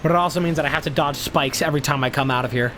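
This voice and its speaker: A man's voice: fairly high pitch, rapid-fire, pushed and bright, a little hiss or hum. A man streaming a video game, ranting at enemies in a profane, exasperated way and sounding frustrated. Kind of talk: live gameplay commentary.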